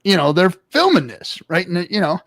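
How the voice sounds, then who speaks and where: A man telling a long story in casual chat, profane and animated, acting out the people he quotes. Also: sits high, a little fast, gravelly, no room sound. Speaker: show regular.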